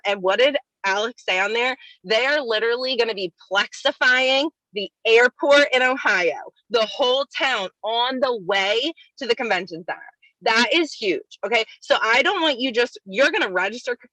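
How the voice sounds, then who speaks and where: A woman leading a network-marketing team, giving an energetic, upbeat recap and repeatedly addressing her listeners as "you guys.". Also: fairly high pitch, dry recording, low-quality recording.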